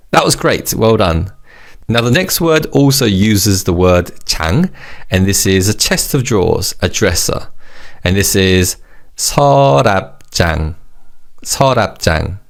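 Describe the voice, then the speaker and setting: A man teaching vocabulary in a scripted lesson, explaining slowly and repeating each target word, with upbeat praise after every drill. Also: low-pitched, vocal fry. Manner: slow English explanations and repeated target words. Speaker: language teacher.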